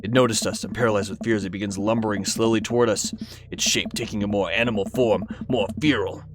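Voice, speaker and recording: A man's voice: lowish voice, steady tone, fast talker, background noise. A man reading a dating game aloud on a live stream, playful and chatty, sometimes talking fondly to his dog. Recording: game music playing behind.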